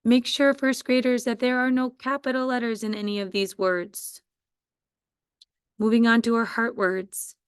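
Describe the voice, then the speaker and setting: A woman teacher giving a slow, patient spelling dictation to first graders. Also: fairly high pitch, little pitch movement, smooth, no room sound, clean studio sound. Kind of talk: spelling quiz dictation for young students.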